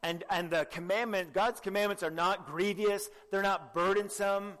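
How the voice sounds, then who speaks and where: A young man preaching a sermon with earnest exhortation, often asking the listeners direct questions and clearing his throat. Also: sits high, steady tone, normal speed, a bit bright, in a large hall.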